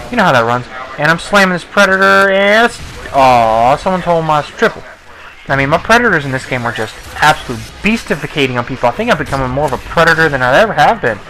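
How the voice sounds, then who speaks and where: A young man giving casual, rambling commentary over his gameplay, joking and breaking into excitable outbursts. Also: on the high side, slight background noise, poor audio. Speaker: gaming commentator.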